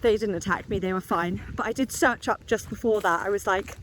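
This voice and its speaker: A young woman around twenty chats to her viewers in a casual vlog, her voice sitting at an ordinary middle pitch. She talks in an excitable, rambling way, full of fillers and quick exclamations. A faint hiss of noise sits behind her. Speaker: vlogger. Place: outdoors on a walk and indoors at home.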